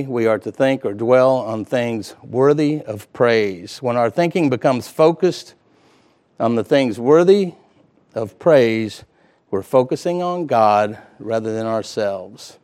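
A man's voice: medium pitch, a little mellow. Earnest middle-aged male preacher. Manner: earnest, slows down to stress key words. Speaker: pastor. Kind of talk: sermon.

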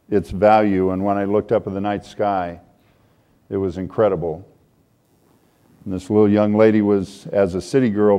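Low mellow-voiced male pastor preaching. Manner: conversational preaching, rising and louder when reading scripture. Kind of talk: sermon.

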